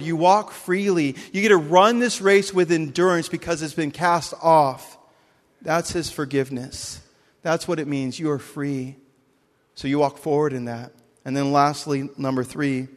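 Male pastor, earnest sermon delivery, storyteller who voices his characters; slightly higher voice, big reverberant room.

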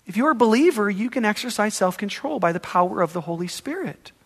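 Casting: conversational male preacher, high voice, long hall reverb. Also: animated, fast, fairly bright tone. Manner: emphatic, conversational preaching with acted-out examples. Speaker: pastor. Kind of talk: sermon.

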